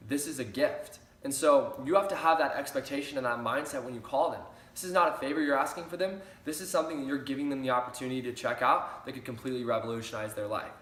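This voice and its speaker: A man's voice: medium pitch, fairly bright tone. A young man giving an upbeat sales training talk, repeating key phrases for emphasis. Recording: roomy echo.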